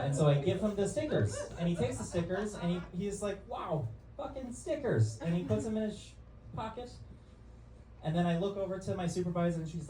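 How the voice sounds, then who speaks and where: Animated man telling a story, echoey room. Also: high voice. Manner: animated, acts out quotes, laughs often. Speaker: podcast co-host. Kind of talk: casual storytelling. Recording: echoey room, distant mic, noisy.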